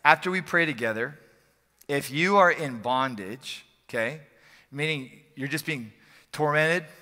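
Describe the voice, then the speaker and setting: A male pastor preaching an energetic, joking, conversational sermon in a church service, often repeating phrases for emphasis. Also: a little high, a little slow. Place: church sanctuary during a service. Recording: long hall reverb from a church.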